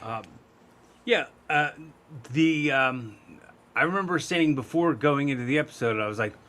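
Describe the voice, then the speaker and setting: A man's voice: medium pitch, expressive, normal speed, fairly bright tone. A man co-hosting a podcast, chatting casually and searching for his words. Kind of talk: casual chat.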